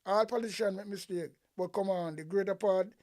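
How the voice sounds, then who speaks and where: A man's voice: high-pitched, fairly quick, a little mellow. A man with a Jamaican accent, giving heated, profane political commentary in patois.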